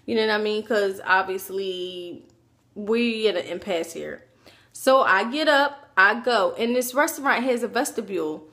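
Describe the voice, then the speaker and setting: A woman telling a personal story to her camera in a casual, animated way, acting out what people said. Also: medium pitch, unhurried. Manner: animated, acts out quoted voices, chatty asides. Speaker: vlogger.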